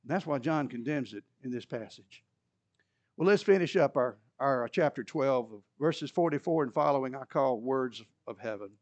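A man preaching a sermon, animated, rising loud for emphasis and dropping low and quiet. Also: moderate pace, no echo.

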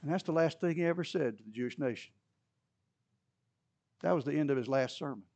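A man preaching a sermon, animated, rising loud for emphasis and dropping low and quiet. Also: a little fast, no room sound.

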